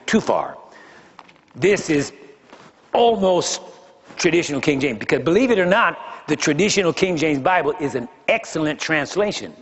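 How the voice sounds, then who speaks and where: Older guy preaching in a big church, slightly high voice, dull lo-fi tape with long reverb. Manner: conversational preaching with rhetorical questions. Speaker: pastor. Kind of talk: sermon. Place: large church hall. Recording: dull lo-fi sermon recording with long hall reverb.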